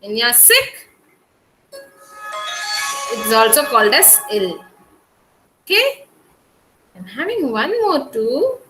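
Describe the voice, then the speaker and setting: A woman's voice: high-pitched, big pitch swings, slow pace, long pauses, pushed and bright, faint music behind, low-quality recording. A woman with an Indian English accent teaching a kindergarten class over a video call, coaxing and drawing out words for young children.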